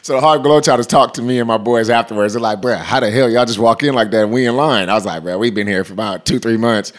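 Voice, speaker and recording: Guy from cali telling wild stories, slangy, laughs a lot, mid pitch. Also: fast talker. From California. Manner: animated, slangy, laughs often. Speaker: interview guest. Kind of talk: casual storytelling.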